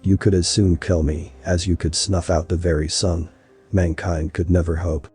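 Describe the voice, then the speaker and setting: A man's voice: level tone, moderate pace, a little mellow, soft background music. A man voicing a proud, wrathful male creator god who speaks in a grandiose, archaic way, in a story reading. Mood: indignant. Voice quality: deep husky voice.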